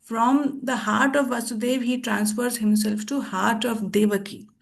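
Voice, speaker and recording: A woman teaching a scripture class, telling a story in a thoughtful, pausing way with restarts. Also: a little high, fairly even intonation, gravelly. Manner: thoughtful, with frequent pauses and restarts.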